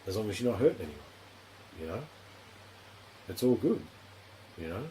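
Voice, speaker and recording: This Australian podcast host has a warm, fairly low voice that swings widely in pitch at a moderate pace. Chatting casually with a guest in the studio, he rambles, talks frankly, swears heavily and keeps saying "you know." Slight background noise sits under a poor recording.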